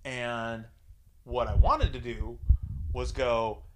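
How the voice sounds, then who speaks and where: Speaking slowly at a medium pitch over background noise, a man in casual conversation shares a crude anecdote. He's a podcast co-host, profane and animated, who performs the voices of the characters in his story.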